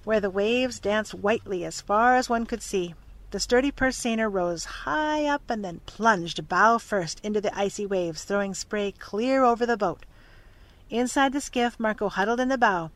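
Casting: calm, even storybook reader for a children's chapter book. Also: medium pitch. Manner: steady, even-paced reading. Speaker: narrator. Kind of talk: storybook reading aloud.

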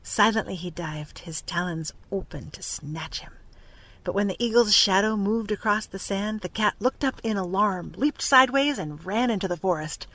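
A woman children's librarian reading a storybook aloud, calm and expressive. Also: medium pitch, moderate pace.

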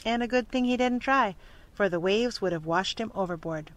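Plain steady voice reading a kids adventure book out loud. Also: medium pitch, normal speed. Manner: steady, even-paced reading. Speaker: narrator. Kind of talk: storybook reading aloud.

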